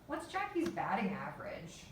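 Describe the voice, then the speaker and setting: A woman voicing a gentle, curious deaf father who asks short, plain questions in a storybook reading. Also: mid-range voice, huge pitch swings, moderate pace, slight background noise. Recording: echoey room, voice from far off.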